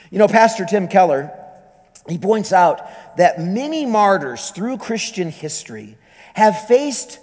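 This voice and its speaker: A man preaching a sermon as pastor, telling stories animatedly and repeating words when excited. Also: high voice. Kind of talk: sermon storytelling. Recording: long hall reverb.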